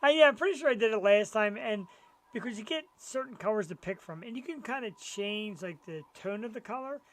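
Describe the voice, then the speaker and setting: A man's voice: sits high, lively intonation, brisk. Chatty male co-host of a live show. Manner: chatty, enthusiastic collector talk. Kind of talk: casual live-show chat.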